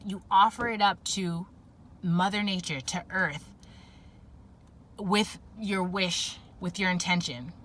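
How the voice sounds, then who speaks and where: A woman's voice: medium pitch, sharp tone. A woman giving a casual tarot reading to viewers, rambling with frequent fillers and self-corrections. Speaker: tarot reader.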